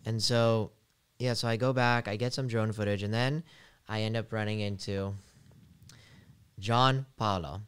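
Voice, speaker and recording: A young man hosting a podcast, telling a travel story in an animated, casual way with lots of fillers. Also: fairly low pitch, measured pace, pauses often. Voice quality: very clear voice.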